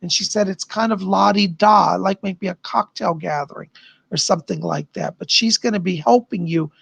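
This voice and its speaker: A man's voice: high-pitched, moderate pace, vocal fry, a bit bright, husky, dry recording. A man hosting a live-stream and giving psychic readings in a chatty way, reading out viewers' questions and relaying spirit messages. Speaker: psychic livestream host.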